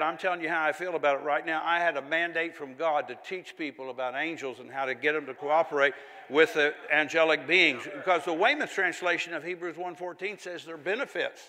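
An older man, a pastor telling stories in a sermon and rising to zealous, loud preaching. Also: a little high, brisk. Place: church hall. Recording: echoey church hall.

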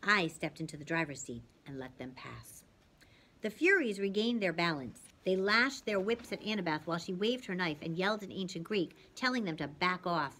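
A woman reading a novel aloud as a reader for her channel, narrating lively and dramatically, dropping at times to a soft hush. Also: fairly low pitch, slight background noise.

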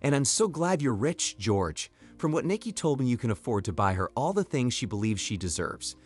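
A man reading as a blunt, lively woman. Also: medium pitch, moderate pace, faint music behind, close to an everyday voice. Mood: gleeful. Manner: forceful, blunt.

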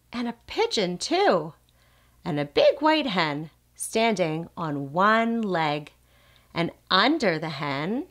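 A woman's voice: medium pitch, fairly bright tone. A woman speech therapist reading a picture book aloud to small children, asking the child questions and making animal sounds.

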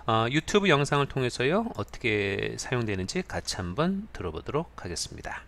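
Fast-talking male English teacher. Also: medium pitch, big pitch swings, a bit bright. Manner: explanatory, with many fillers. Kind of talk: explaining an idiom in a video lesson.

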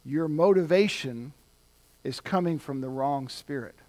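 A male pastor giving a sermon, talking conversationally and building to loud, emphatic points. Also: fairly high pitch, unhurried.

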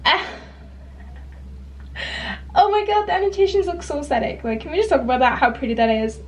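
High-voiced chatty woman. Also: expressive, fairly quick, slight background noise. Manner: chatty, bubbly, rambling. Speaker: book vlogger. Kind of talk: chatty vlog.

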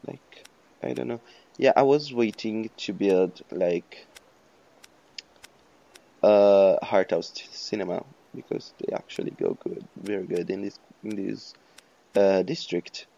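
A man rambling through casual game commentary, swearing and joking at himself, his voice hoarse. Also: lowish voice, unhurried, warm tone, lo-fi sound. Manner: rambling, profane, self-mocking. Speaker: let's play host.

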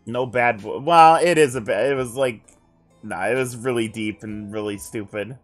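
A man's voice: mid-range voice, normal speed, soft background music. A man streamer reading a text adventure aloud on stream, breaking off for joking asides between passages of narration.

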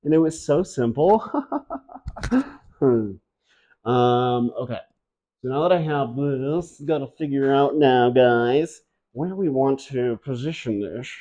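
A man's voice: medium pitch, measured pace, warm tone, dull audio. A man from upstate New York, a plant hobbyist chatting casually and playfully to his viewers, often joking at his own expense. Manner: playful, self-mocking, rambling. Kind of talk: casual vlog chat. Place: indoors, home with high ceilings.

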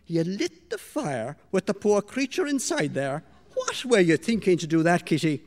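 A man voicing a sharp-tongued, bossy mistress of a house who scolds and gives orders, in a storybook reading. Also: fairly low pitch, big pitch swings, brisk, big-room sound. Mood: scolding. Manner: scolding, impatient, commanding.

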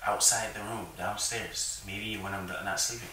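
A man's voice: fairly low pitch, steady tone, a little slow, bright, forceful tone. A young man who has just been woken up, bickering bluntly in a sleepy, irritated way in a bedroom at night. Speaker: boyfriend woken by a prank. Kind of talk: casual bickering. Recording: roomy, distant, noisy with clicks.

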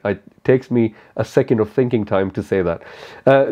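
A man's voice: on the low side, brisk. Frank man with a dull-sounding recording. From India. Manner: frank, rambling, with many fillers and restarts. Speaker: motorcycle YouTuber. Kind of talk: casual Q&A talk to camera.

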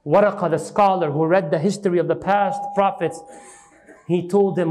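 A man's voice: steady tone, moderate pace, a little mellow. A man teaching an Islamic lecture, retelling a story dramatically and asking the audience questions. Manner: dramatic retelling, acting out quoted speech with rising pitch. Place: mosque lecture hall.

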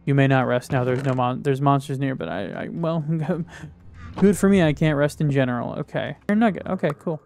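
A man's voice: mid-range voice, brisk, vocal fry, a little mellow, soft background music. A man giving casual gameplay commentary, jittery and swearing as he talks to himself and the game. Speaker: gaming video creator.

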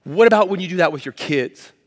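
A man's voice: high-pitched, animated, quick pace, long reverb tail. A man preaching a sermon as pastor, in a conversational, emphatic way. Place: church hall.

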